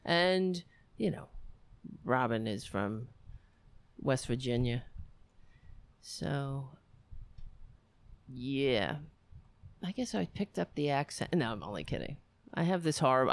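A woman's voice: very deep voice, creaky, dry recording. A woman hosting a podcast, talking casually about politics with sarcasm and scattered asides. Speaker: podcast host.

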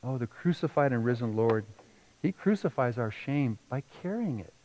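Emotive male pastor, lively delivery. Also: medium pitch, normal speed, a little hiss or hum, poor audio. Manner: emotional storytelling, rising and falling between hushed and loud. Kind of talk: sermon.

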